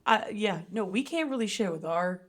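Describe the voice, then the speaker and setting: A woman co-hosting a podcast in casual chat, wry and teasing, full of quick jokes. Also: medium pitch, expressive. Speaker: podcast co-host.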